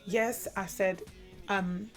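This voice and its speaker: Woman vlogger, mid pitch, emphatic direct advice over faint music. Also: steady tone, slow pace. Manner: emphatic, repeats points for stress. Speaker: vlogger giving parenting tips. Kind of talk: casual advice talk to camera.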